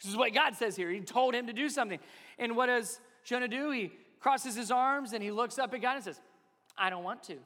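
A male pastor in his thirties delivers a sermon in a fairly high voice, keeping it conversational and full of rhetorical questions. His words ring out with the long reverb of a large church hall. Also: fairly quick, bright, forceful tone.

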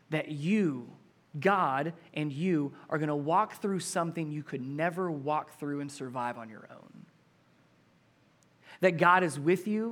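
Animated high-voiced male pastor preaching. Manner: conversational, animated, laughs while explaining. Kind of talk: sermon. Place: church before a congregation.

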